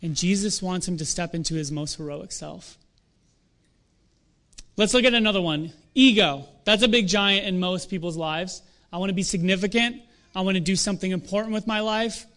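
A young adult man preaching a sermon in a conversational, animated way, with self-deprecating asides. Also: high voice, moderate pace. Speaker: pastor.

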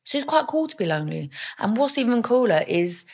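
Here the young mother guesting on the podcast sounds high-pitched, very animated, and brisk, her tone a little mellow. She shares candid stories in a frank, chatty way, sprinkled with plenty of fillers.

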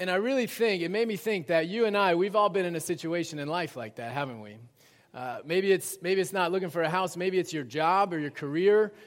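A man in his thirties preaching a sermon through a personal story. His voice sits a little high and moves from lively to hushed. The sound rings with long reverb from a large hall. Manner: conversational, swings between animated and hushed. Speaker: pastor.

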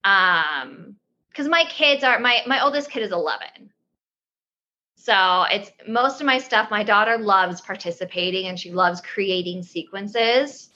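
A woman's voice: mid-range voice, lively intonation, measured pace, sharp tone, dull audio. A woman in her thirties, a yoga teacher guest on a podcast, explaining things in a rambling way with many restarts. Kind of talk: casual interview talk.

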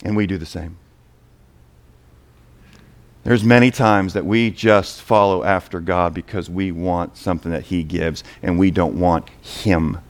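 A man preaching a sermon, moving between quiet asides and loud, emphatic points. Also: deep voice, steady tone, unhurried.

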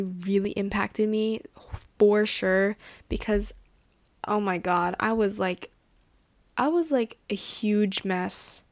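A young woman hosts a casual podcast chat, gushing and rambling emotionally with many restarts. Her voice is mid-range, with no room sound at all.

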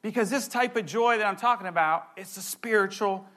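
A young man preaching a sermon, excitable and animated, with playful asides. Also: high-pitched, a little fast. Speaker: pastor.

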